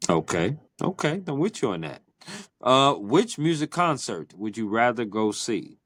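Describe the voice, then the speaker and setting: A man's voice: mid-range voice, big pitch swings, a bit bright, no room sound. Playful male podcast host, dry sound. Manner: playful, teasing, drawn-out questions. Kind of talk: casual interview chat.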